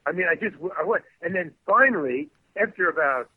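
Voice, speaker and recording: Animated older man on a tinny line. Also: on the high side, fairly quick, slightly rough, no echo. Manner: rambling, animated, acts out the people in his stories. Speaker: guest actor. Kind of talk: storytelling in a podcast interview. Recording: dry tinny phone-like line.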